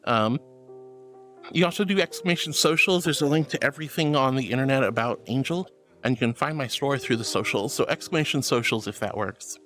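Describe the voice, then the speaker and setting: A man's voice: medium pitch, brisk, fairly bright tone, soft background music. A young man streaming, reading chat messages aloud in an affectionate, theatrical way, calling viewers honey and sweetie.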